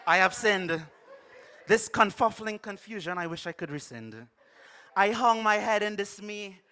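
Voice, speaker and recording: A man's voice: high-pitched, sharp tone. A young man with a Trinidadian accent performing comic slam poetry on a live stage, theatrical and punchy with heavy alliteration. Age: young adult. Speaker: spoken word poet.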